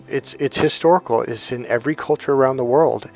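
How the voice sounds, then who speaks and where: A man's voice: mid-range voice, fast talker, darkish tone. A middle-aged man talking as a dating coach in a casual, rambling monologue, retelling old conversations in quotes.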